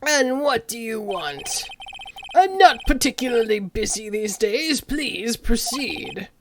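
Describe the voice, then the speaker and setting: A woman voicing a pompous, gruff older male lawyer who speaks slowly and grandly. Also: animated, background noise. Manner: pompous, slow, booming commands.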